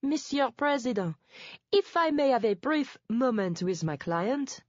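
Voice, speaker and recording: A woman's voice: fairly high pitch, expressive, a little slow, a little mellow, dry recording, voice pushed up. A woman voicing a male defense lawyer who presses his client in an urgent, pleading way, recorded dull and dry. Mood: polite.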